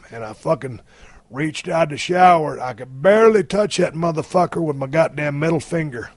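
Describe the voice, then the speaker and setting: A man in his fifties spins a long story on his podcast, cursing freely and driving it with blunt energy. His voice sits a bit high for a man and sounds close and dry, with no room around it. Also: moderate pace, dry recording. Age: 50s. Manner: profane, blunt, animated storytelling. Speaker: podcast host.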